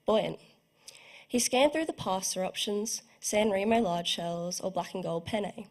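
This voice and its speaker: A woman's voice: mid-range voice, a little slow. Young woman, reading her own fiction, careful and evocative, mid-height voice. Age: young adult. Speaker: student writer reading her work. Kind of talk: literary reading.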